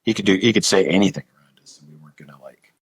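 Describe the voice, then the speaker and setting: A man's voice: low-pitched, racing, husky, dry recording. A middle-aged man from Montana, a musician guest telling anecdotes in an interview, acting out quoted dialogue and swearing casually. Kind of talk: storytelling interview.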